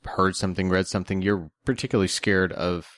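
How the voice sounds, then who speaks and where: A man's voice: sits low, level tone, fast, a bit bright, no echo, studio quality. A man co-hosting a podcast, discussing a movie casually with a questioning, skeptical manner. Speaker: podcast co-host.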